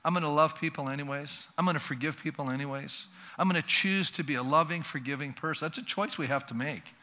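A male pastor preaching a sermon in a lively, conversational way, acting out little dialogues for the congregation. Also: on the high side, fast. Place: church sanctuary. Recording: long reverb of a church hall.

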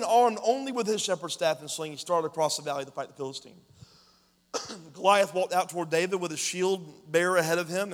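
A man preaching a lively sermon, retelling a story in casual slang and urging the congregation to respond. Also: sits high. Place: church hall. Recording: long hall reverb.

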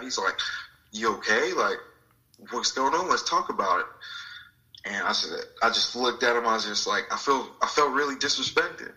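A man's voice: on the low side, pushed and bright, low-quality recording. A man sharing a personal spiritual story in an interview, reflective and acting out the voices of people he quotes. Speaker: guest.

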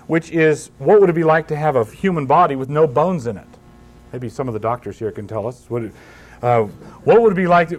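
A man's voice: a little high, a little mellow. A man speaking as a pastor at a conference, conversational and emphatic, with wry humor and frequent restarts. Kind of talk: conference talk.

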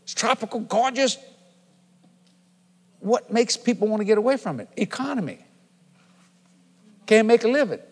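Middle-aged guy preaching in a big church, kinda high voice, folksy then hollering, long hall echo. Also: animated, moderate pace, pauses often, husky. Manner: folksy, building from conversational to shouting. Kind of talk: sermon. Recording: long reverb of a large hall.

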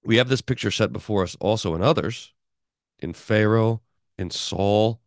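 A male pastor teaching a Bible class in an animated way, often restarting his sentences and chuckling. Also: on the low side, normal speed, no echo, studio quality. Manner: animated, chuckling, self-interrupting.

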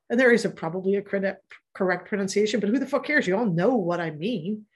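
A middle-aged woman coach talking casually in a live session, candid and quick with asides, swearing freely and laughing easily. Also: fairly low pitch, darkish tone, breathy edge. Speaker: productivity coach and podcast host. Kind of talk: casual live workshop talk.

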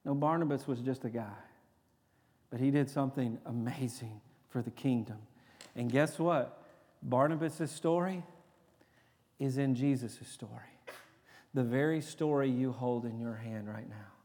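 A man preaching a sermon from the pulpit. He talks earnestly, often restarts his words, and sinks into quiet intensity. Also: mid-range voice, measured pace, pauses often, husky. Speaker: pastor. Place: church sanctuary. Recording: long reverb of a church hall.

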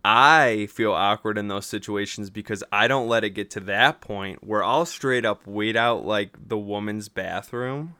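A man's voice: on the low side, a little slow, hardly any pauses, sharp tone, clean tone, dry recording, clean studio sound. A man hosting a podcast in casual chat, telling venting stories and swearing freely. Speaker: podcast host.

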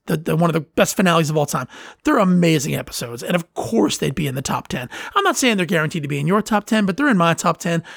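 A man's voice: high-pitched, vocal fry, dry recording, clean studio sound. A man hosting a podcast on his own, talking casually and rambling with fillers and restarts. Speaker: podcast host. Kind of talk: casual solo podcast talk.

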